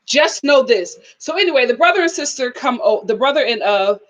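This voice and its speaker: A woman's voice: sits high, expressive, fairly quick. A woman doing a live review of a reality TV episode, telling it dramatically and breaking into laughter.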